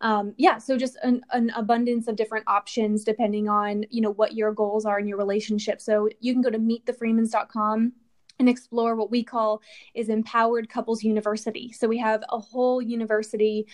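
Upbeat woman coach, higher voice. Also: flat delivery, a little fast. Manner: upbeat, promotional. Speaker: relationship coach, podcast guest. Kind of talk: casual podcast interview.

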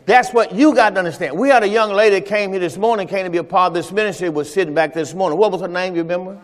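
A pastor delivers his Sunday sermon in a chatty, conversational way, weaving in personal stories for the congregation. He talks rapid-fire in a high voice, and the church sanctuary gives the recording a reverberant sound.

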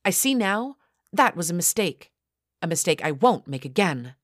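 A woman's voice: on the low side, big pitch swings, moderate pace, no echo, clean studio sound. A woman voicing a domineering young woman who leads a cruel sorority, in an audiobook reading. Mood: cold. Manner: contemptuous, commanding. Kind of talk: audiobook character voice.

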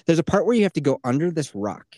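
A man's voice: fairly high pitch, quick pace, no echo, studio quality. A young man hosting a podcast, telling stories in casual chat, swearing and laughing as he goes. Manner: swearing, animated storytelling with laughs. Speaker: podcast host.

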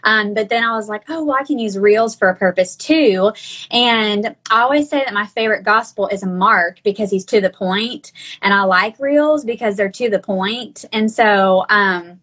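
A woman's voice: mid-range voice, moderate pace, a bit bright, breathy edge, poor audio. Chatty Southern woman with a twang. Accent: Southern US, Arkansas twang. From Arkansas. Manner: chatty, many fillers and restarts. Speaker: guest. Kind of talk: casual chat.

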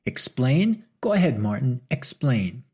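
A man's voice: on the low side, measured pace, creaky, a little mellow, husky, exaggerated voice. A man voicing a proud, hurt young woman who speaks in angry, accusing and sarcastic bursts.

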